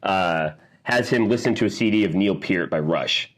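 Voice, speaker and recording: Low-voiced man chatting about movies. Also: normal speed. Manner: relaxed, enthusiastic, searches for words. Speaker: podcast co-host. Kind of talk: casual movie chat.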